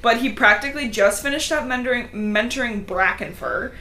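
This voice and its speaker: High-voiced woman recapping a book casually. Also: bright, forceful tone, slight background noise. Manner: quick retelling with brief acted-out cat voices. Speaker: podcast co-host.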